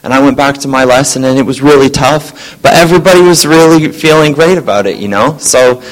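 A science teacher telling a group a lively story about his day, acting out the voices of colleagues. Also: mid-range voice, brisk, low-quality recording. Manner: animated, acts out quoted voices. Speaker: science teacher sharing a testimony.

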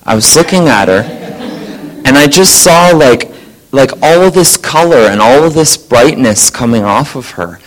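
A science teacher telling a group a lively story about his day, acting out the voices of colleagues. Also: medium pitch, normal speed, poor audio. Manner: animated, acts out quoted voices. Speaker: science teacher sharing a testimony.

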